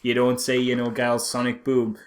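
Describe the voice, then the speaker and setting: A man's voice: medium pitch, completely flat delivery, a little fast. A man, co-hosting a casual film review chat and mocking scenes with silly character voices. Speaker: podcast co-host.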